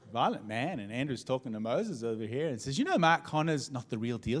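A middle-aged man preaching a sermon as pastor, telling humorous stories with lively swings in his voice. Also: brisk, few pauses. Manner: humorous storytelling, animated pitch swings.

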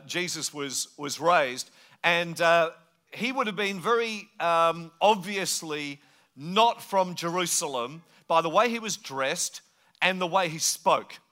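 Bright high-voiced male preacher. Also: unhurried. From England. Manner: conversational, joking, mimics accents. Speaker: pastor. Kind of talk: sermon.

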